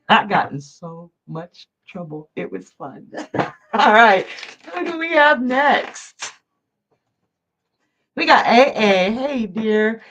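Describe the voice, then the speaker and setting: A Georgia woman's medium, slightly bright voice comes through poor audio with slight background noise. She's hosting a live psychic stream, effusively chatting with viewers, reading their comments and laughing often.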